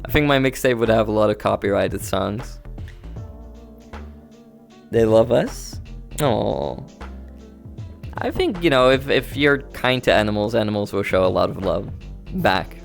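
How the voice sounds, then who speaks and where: A man with a fairly low, expressive voice speaks unhurriedly, with vocal fry and long pauses, as he livestreams from home in VR. He chats with viewers in a relaxed, rambling manner while faint music plays.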